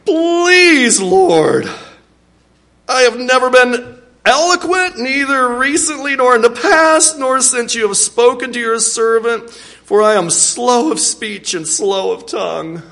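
A man voicing Moses as a timid, pleading grown man whose voice climbs high and whiny. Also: expressive, slow pace, gravelly, pushed and bright, heavily acted.

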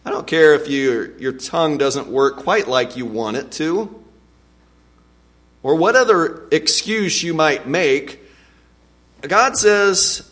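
A man teaching a Bible lesson in an animated way, acting out scripture and laughing often. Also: a little high, slow pace, long pauses.

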